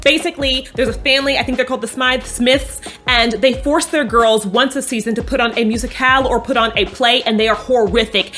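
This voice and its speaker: A young woman casually recapping a TV episode in a sassy, animated way, swearing freely and acting out the characters' lines. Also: fairly high pitch. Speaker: recap host.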